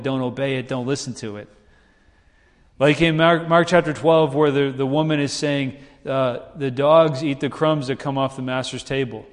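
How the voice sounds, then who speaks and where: A man preaching a sermon in a conversational style, his pitch rising whenever he acts out quoted voices. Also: in a large hall. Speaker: pastor.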